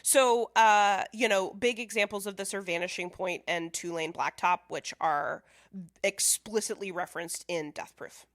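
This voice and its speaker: A woman's voice: medium pitch, normal speed, a bit bright, dry recording, studio quality. Chatty woman co-host, explanatory, casual filler-heavy delivery. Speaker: podcast co-host. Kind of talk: casual film discussion.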